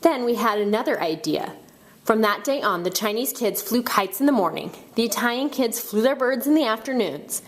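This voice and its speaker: Lively woman reading a children's storybook. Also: fairly high pitch, normal speed. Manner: expressive storytelling, shouting out characters' cries. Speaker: narrator. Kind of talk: children's book read-aloud.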